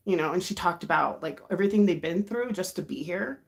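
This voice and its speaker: Sex: woman. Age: 30s. Origin: United States. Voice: lowish, with gravelly fry. Style: rambling, confiding live chat. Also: lively intonation, brisk. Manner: rambling, confiding, with sighs and soft laughs. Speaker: livestream host. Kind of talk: casual chat.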